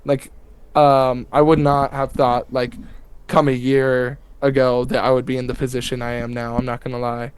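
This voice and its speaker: A man's voice: mid-range voice, little pitch movement, normal speed, clean tone, dry recording. A man chatting casually as a podcast guest, laid-back and rambling with lots of fillers. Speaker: guest piercer.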